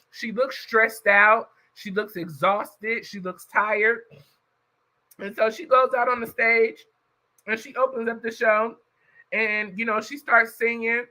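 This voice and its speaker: A man's voice: sits high, pushed and bright, low-quality recording. A man casually recapping a story for his viewers, chatty and talking straight to the audience. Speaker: YouTube reviewer.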